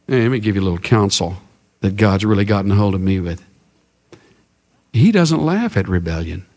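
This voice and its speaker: A man preaching a sermon in a dramatic, emphatic way, slowing down and dropping his voice for emphasis. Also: fairly low pitch, expressive. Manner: dramatic and emphatic, with big swings in loudness and pace. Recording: long reverb of a large hall.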